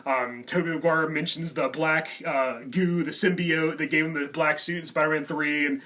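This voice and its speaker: A man's voice: a little high, fairly even intonation, moderate pace, sharp tone. A man giving a casual movie review, rambling with lots of fillers. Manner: rambling, many "um" and "you know" fillers. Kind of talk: casual reaction vlog.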